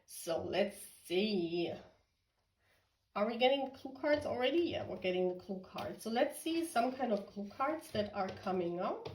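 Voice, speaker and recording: A woman's voice: mid-range voice, lively intonation, unhurried, darkish tone, a little hiss or hum, low-quality recording. A woman from Germany giving a casual tarot reading, chatty and giggly, talking straight to her viewers. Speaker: tarot reader.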